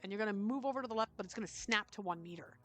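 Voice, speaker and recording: A woman with a Canadian accent hosting a screen-recorded software tutorial, chatty and checking in often with "okay?". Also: mid-range voice, rapid-fire, soft background music. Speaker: tutorial host.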